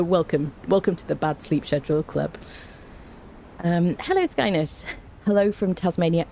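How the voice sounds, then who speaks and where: A woman's voice: low voice, mellow, a little hiss or hum. A woman streaming a game, chatting casually and greeting her viewers by name, laughing often. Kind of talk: casual livestream chat.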